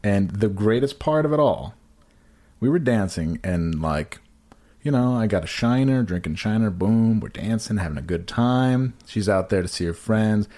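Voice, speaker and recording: Rambling crude-joking man, low voice. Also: animated, normal speed, dark tone. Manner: crude, rambling, frequent fillers and restarts. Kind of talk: casual comedic storytelling.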